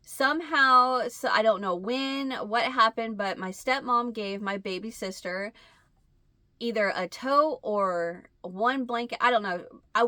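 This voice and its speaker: A Midwestern American woman chats casually to her viewers, wandering through a story and acting out bits of dialogue. Her voice is bright and sits a little high. The sound is dry and close. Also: no echo. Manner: rambling storytelling, acts out dialogue in a higher voice. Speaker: crochet channel host. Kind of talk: casual chat to camera.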